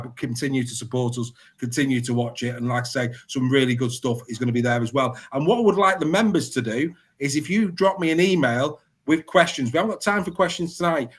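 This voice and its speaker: A man's voice: medium pitch, brisk, hardly any pauses, breathy edge. A man hosting a sports podcast, wrapping up the show in a chatty, casual way and often repeating himself. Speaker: podcast host. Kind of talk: casual live show sign-off.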